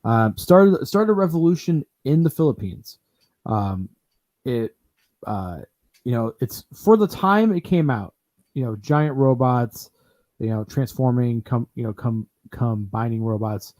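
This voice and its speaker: A man's voice: medium pitch, expressive, a little slow, a little mellow. A man hosting a casual talk show, chatting loosely with many fillers and restarts. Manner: rambling, lots of fillers and restarts. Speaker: podcast host. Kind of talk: casual chat.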